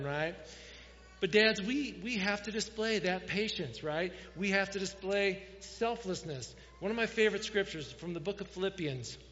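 A man's voice: high-pitched, fairly bright tone. A man preaching a sermon, telling stories and speaking straight to the fathers in his audience. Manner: storytelling, addresses fathers directly. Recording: dull lo-fi sound with long hall reverb.

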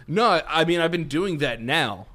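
A man on a podcast with a bright, sharp voice, pushing back on his co-host's jabs. He asks question after question in loose chat and often restarts mid-sentence. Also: fairly high pitch, expressive. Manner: defensive, questioning, halting restarts. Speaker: podcast co-host. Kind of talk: casual chat.

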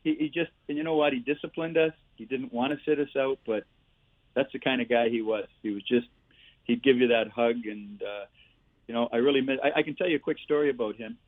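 A man in his sixties, a former player and coach, telling animated stories with laughs and "eh" tags as a podcast guest. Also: medium pitch, brisk, no room sound. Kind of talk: storytelling interview. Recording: tinny phone-like line.

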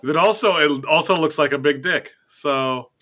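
A man's voice: a little high, moderate pace, pushed and bright. A man co-hosting a podcast in casual chat, joking and reading fan questions aloud.

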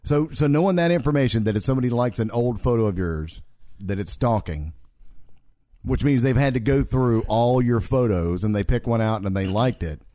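Male host, mellow dry tone, teasing banter. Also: mid-range voice, moderate pace, no echo. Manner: teasing, leads the topics. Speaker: podcast host. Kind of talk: casual chat.

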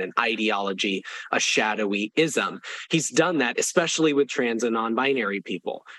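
A man's voice: mid-range voice, fairly bright tone, no room sound, rough recording. A man speaking as a press secretary in an interview, making an impassioned, emphatic case with rallying repetition. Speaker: press secretary for an advocacy group. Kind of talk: interview answer, advocacy talk.

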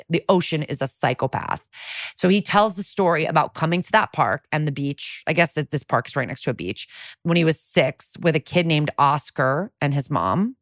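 Podcast co-host, woman, deep-set speaking voice, breezy recap tone, dead-dry sound. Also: dry recording. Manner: chatty, acts out quotes in quick voices. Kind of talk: casual episode recap.

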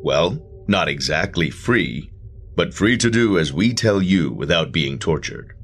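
A man playing a calm, persuasive male agent of the underworld in a black suit, quietly gloating in a horror audio drama. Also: low-pitched, a little slow, a little hiss or hum.

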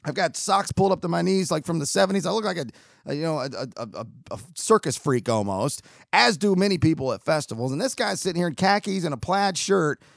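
Animated man with a gravelly voice. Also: fairly high pitch, fast talker, no echo, clean studio sound. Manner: animated, self-mocking, acts out quoted dialogue; rambling with frequent restarts and fillers. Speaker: storyteller. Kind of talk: casual monologue telling a personal story.

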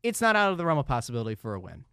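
A man chats loosely about sports on a podcast, circling back and restarting his thoughts. His voice is mid-pitched and unremarkable. The recording is dry and close. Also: huge pitch swings, racing, gravelly, pushed and bright, clear, resonant tone, no echo. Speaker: podcast co-host. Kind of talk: casual sports podcast chat.

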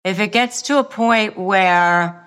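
Slow, emphatic woman giving advice. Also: medium pitch, a bit bright, clear, resonant tone. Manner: emphatic, repetitive, measured delivery. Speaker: lawyer and negotiation coach. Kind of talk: motivational advice talk.

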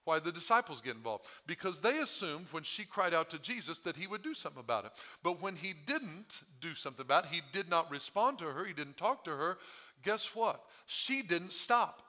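A man preaches to his congregation in a bright, cutting voice that is a little higher than most. His voice is strained and hoarse from overuse. He keeps the sermon conversational, throwing questions at the room and then building to loud, dramatic quotes. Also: sing-song, fairly quick. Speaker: pastor. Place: church sanctuary.

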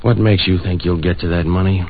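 A flat-eyed 1940s radio hoodlum. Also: male voice, a little fast. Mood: menacing. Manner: blunt, clipped, low and threatening. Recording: tinny 1940s radio broadcast.

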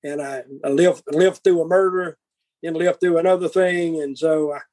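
A man's voice: a little high, fairly even intonation, moderate pace, darkish tone, dry recording, poor audio. An older man telling blunt, profane stories and acting out old arguments. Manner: profane, blunt, acts out quarrels in dialogue. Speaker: guest. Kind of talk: casual storytelling.

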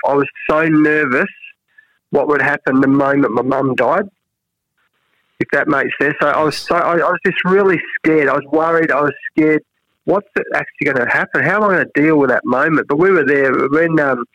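A middle-aged Australian man in a relaxed interview, telling stories and acting out what others said. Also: dry recording. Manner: animated, acts out quoted voices with big pitch jumps. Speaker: national cricket head coach, guest. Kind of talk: casual storytelling interview. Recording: dry, dull lo-fi sound.

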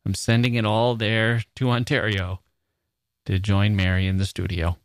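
A man's voice: on the low side, little pitch movement, moderate pace, clear, resonant tone, dry recording, studio quality. A male American podcast host reading listener mail aloud, breaking off for playful, joking asides. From United States.

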